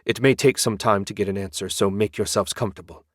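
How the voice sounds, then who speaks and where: A man's voice: on the low side, fairly even intonation, fast, a bit bright, no room sound, clean studio sound. A man voicing a cold, proud male necromancer lord in an audiobook, speaking in a haughty tone. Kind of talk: audiobook character voice.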